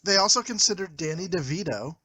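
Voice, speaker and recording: A man co-hosts a casual podcast, eagerly sharing trivia. His voice is bright and slightly high, with lively ups and downs. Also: brisk. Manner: shares trivia, enthusiastic. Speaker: podcast co-host.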